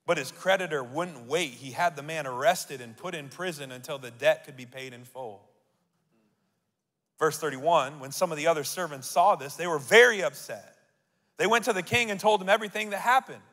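High-voiced pastor in a reverberant hall. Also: male voice. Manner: building to loud declarations; reads scripture aloud and asks the crowd to repeat. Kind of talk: sermon.

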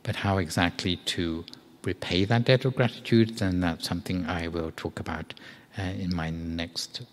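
A man, a monk, giving a Dhamma talk in a meditation hall, telling a story in a measured, gentle way with a few fillers. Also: low-pitched, fairly even intonation. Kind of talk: storytelling sermon.

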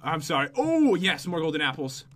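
A man's voice: fairly high pitch, very animated, moderate pace, fairly bright tone. A man hosting a gameplay video, chatting casually with a teasing, joking manner and laughing often. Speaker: gaming video host.

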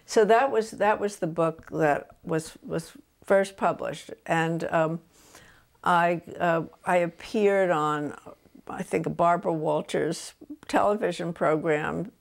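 An older woman author from New Jersey, telling stories about her books in a relaxed interview at home. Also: on the low side, takes it slowly, vocal fry. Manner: animated anecdotes, voices quotes of her son.

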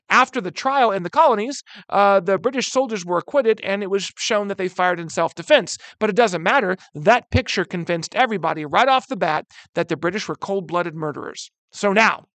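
A man teaching a history lesson in an animated way, who keeps calling his listeners "guys" and briefly acts out quotes. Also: high voice, a little fast, dry recording. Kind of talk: recorded history lecture.

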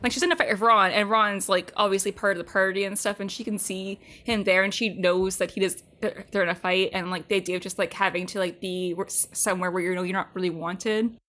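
A woman co-hosting a podcast in casual chat, relaxed and meandering, saying "like" a lot. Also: medium pitch, fast, hardly any pauses. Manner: relaxed, meandering, many likes. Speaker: podcast co-host.

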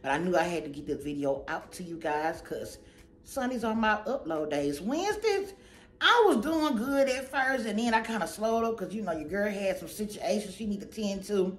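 A woman's voice: medium pitch, sing-song, normal speed. Chatty goofy woman vlogger in an echoey room. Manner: chatty, goofy, rambling, slangy. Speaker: channel host. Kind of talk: casual haul chat to camera.

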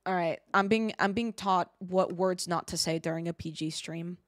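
A woman streaming a game live, chatting with her viewers in an excitable, giggly way. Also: lowish voice, moderate pace, no echo, clean studio sound. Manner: excitable, giggly, talks to chat.

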